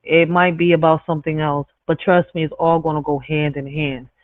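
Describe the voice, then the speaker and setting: A man's voice: a little high, level tone, brisk, dry recording. A man hosting a live stream, reading reflective poetry and asking rhetorical questions, often tagging his points with "right?". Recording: dry tinny phone-like sound.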